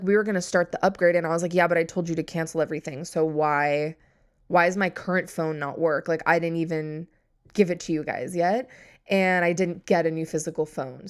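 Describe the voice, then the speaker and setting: A young woman hosting a podcast, telling a story in casual chat, exasperated and sarcastic, swearing freely and acting out both sides of the conversation. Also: fairly low pitch. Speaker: podcast host.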